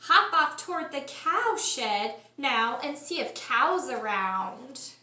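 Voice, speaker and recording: A woman voicing a sleepy mother sheep who mutters softly. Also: high-pitched, very animated, slow, full character voice. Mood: grumbling. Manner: soft grumbling mutter. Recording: echoey room, mic at distance.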